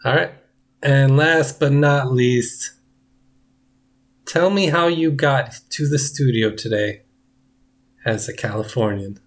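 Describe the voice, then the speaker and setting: A man's voice: mid-range voice, slow, long pauses. A man co-hosting a comedy podcast in casual chat, leading the bits and quizzing his co-host.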